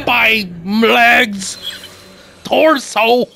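A man hosting a gaming channel, giving casual, excitable gameplay commentary full of swearing and laughter. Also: high-pitched, slow, creaky, a little hiss or hum.

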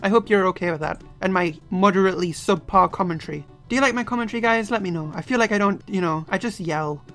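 Goofy young man yelling over a game. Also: high-pitched, fast. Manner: goofy, self-mocking, bursts into yells. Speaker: let's play gamer. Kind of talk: game commentary. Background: game music.

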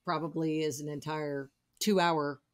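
Chatty host with a Southern twang. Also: female voice, sits low, steady tone, a little slow. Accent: Southern US picked up over New Jersey. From New Jersey. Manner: chatty, storytelling, laughs often, fond of playful asides. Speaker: podcast host. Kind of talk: conversational interview.

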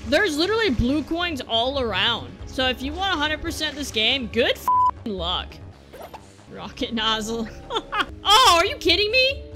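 A young woman commentating a platform game as a let's play host, exasperated and breaking into shouty outbursts, over game music. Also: high-pitched. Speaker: gaming channel host.

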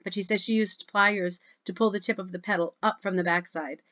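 A woman's voice: mid-range voice, steady tone, brisk, bright, forceful tone, highs cut off. A woman hosting a rug hooking club video, chatting at home in a gushing, chatty way as she reads and reacts to posts. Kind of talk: casual chat reviewing social media posts.

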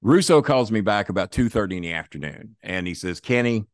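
A man's voice: sits low, animated, brisk, no echo, clean studio sound. An older man, a podcast guest, telling stories in a blunt, profane, plain-spoken way. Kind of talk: casual storytelling.

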